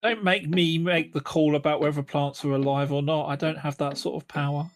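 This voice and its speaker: A man's voice: on the high side, fairly even intonation, brisk. A man running a tabletop game as game master, dry and noncommittal.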